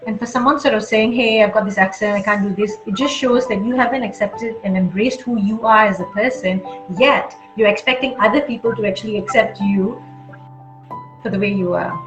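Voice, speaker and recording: A woman with an Australian accent giving blunt, energetic advice as an interview guest, often restarting her sentences. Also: medium pitch, fairly quick. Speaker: guest speaker. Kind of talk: conversational interview. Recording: muffled roomy sound with music.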